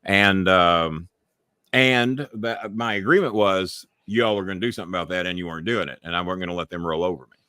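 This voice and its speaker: A man's voice: sits low, fairly quick, sharp tone, no room sound, clean studio sound. Blunt, profane man hosting a live show. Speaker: podcast host. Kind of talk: casual live-stream chat.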